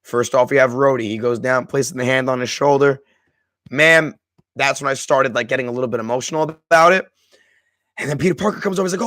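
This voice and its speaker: A man's voice: medium pitch, fairly quick, fairly bright tone, no room sound. A man hosting a live stream, talking through a film with his chat in an effusive, emotional way, with many restarts. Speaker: streamer and host. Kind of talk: live movie discussion with chat.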